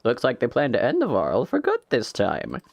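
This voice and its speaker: A man voicing a crazy old man warrior, a weary veteran of many wars, in a high, cracked old-man voice. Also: wildly swooping pitch, moderate pace, vocal fry, no echo, lo-fi sound, heavily acted. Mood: grave.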